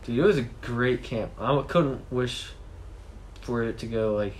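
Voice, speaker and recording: A man's voice: mid-range voice, unhurried. A teenage boy is chatting with a friend and cutting in with quips and slang. Faint noise sits under his voice. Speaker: friend in chat. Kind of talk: casual chat.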